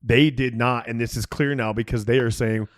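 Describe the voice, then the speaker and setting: A man co-hosting a casual sports talk show, conversational and opinionated, often trailing off softly. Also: medium pitch, steady tone, normal speed, dry recording, studio quality. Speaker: podcast co-host.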